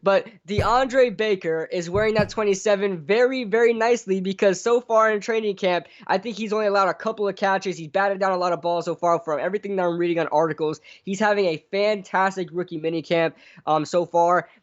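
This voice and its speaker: Male podcast co-host, casual rambling talk, somewhat high pitch, muffled stream audio. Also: a little fast, hardly any pauses. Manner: rambling, many restarts and fillers. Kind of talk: casual sports podcast chat.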